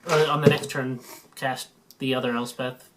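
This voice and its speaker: A woman as a guest in a casual card-game chat, confident and explaining her choices calmly. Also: rumbling low, normal speed, a loud crowd. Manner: confident, explains with calm reasoning.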